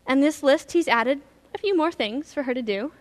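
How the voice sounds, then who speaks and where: High-voiced woman pastor preaching. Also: lively intonation, normal speed. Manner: earnest, emphatic, storytelling. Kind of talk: sermon.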